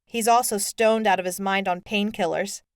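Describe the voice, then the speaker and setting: A woman voicing a tender, reassuring teenage boy in an audiobook, speaking softly and comfortingly. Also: medium pitch, steady tone, normal speed, no echo, studio quality, lightly acted. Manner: soft, comforting. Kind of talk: audiobook character voice.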